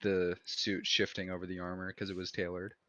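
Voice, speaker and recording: Deep-voiced male player, calm and measured, dry sound. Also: dry recording, muffled recording. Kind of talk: in-character tabletop play.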